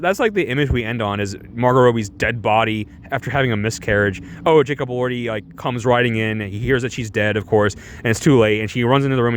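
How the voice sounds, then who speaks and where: A man's voice: medium pitch, a little hiss or hum. A young man giving a casual, sarcastic movie review on a stream, full of restarts and rhetorical questions.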